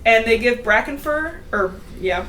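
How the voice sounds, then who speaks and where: A woman's voice: fairly high pitch, expressive, a little slow, pushed and bright, slight background noise. A woman hosting a podcast, chatting casually through a book recap with lots of fillers and giggles. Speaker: podcast host.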